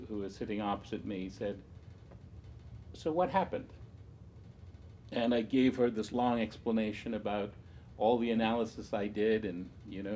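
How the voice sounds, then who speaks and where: A man interviewing a guest, telling a self-deprecating story in lively casual chat. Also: fairly low pitch, a little hiss or hum.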